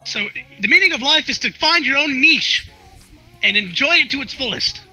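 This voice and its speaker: Very high, bright-voiced young man rambling. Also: expressive, normal speed, no echo, poor audio. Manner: rambling storyteller, repeats words. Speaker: interview guest, streamer. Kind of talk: casual chat. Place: online virtual world session. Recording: faint music underneath.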